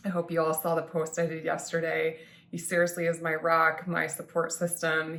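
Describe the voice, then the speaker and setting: A woman in her thirties speaks in a low, fry-edged voice, thanking the people close to her. She sounds tearful and heartfelt, pausing often with ums and restarting her sentences. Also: a bit bright. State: tearful, crying at times. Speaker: vlogger thanking supporters. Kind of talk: emotional personal thank-you vlog.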